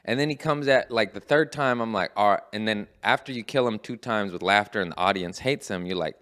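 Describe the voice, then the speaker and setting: A man who is a stand-up comedian, telling a story in casual podcast chat, animated and profane, acting out quotes. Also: lowish voice, brisk.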